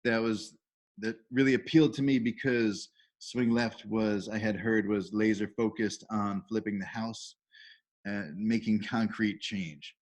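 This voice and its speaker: Middle-aged male host, lowish voice, video-call sound, chatty and enthusiastic, greets everyone warmly with praise. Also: fairly even intonation, a little slow. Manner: enthusiastic, reads out chat messages with upbeat praise. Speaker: volunteer trainer and call host. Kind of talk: casual welcoming on a video call.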